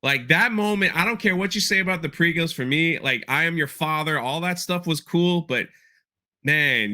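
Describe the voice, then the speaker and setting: Guy on a podcast rambling about an episode, really bright tense voice, trips over his words a lot. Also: a little high, normal speed. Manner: rambling, repeats words, quotes lines with feeling. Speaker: podcast host breaking down an episode. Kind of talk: casual chat.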